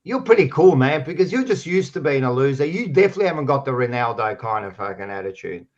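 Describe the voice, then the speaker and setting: An Australian man hosting a sports podcast, loud and teasing, swearing freely in casual banter. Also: mid-range voice, very animated, fast talker, dull audio. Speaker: podcast host.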